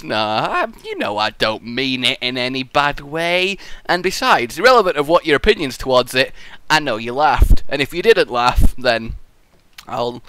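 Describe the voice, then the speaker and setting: A man hosting a building contest and giving live game commentary, full of goofy rambling tangents and excitable outbursts. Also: mid-range voice, a little slow, no room sound.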